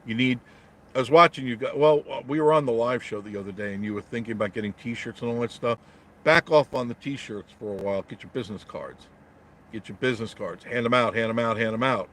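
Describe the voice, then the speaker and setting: A man's voice: mid-range voice, a little fast, a bit bright, slight background noise. A middle-aged man from New York talks off the cuff from the driver's seat of his car. He answers viewers' comments bluntly and with a joking edge. His voice sits in an ordinary middle range. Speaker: travel vlogger reading live chat. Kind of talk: casual live-stream chat from a parked car. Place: inside a car in traffic.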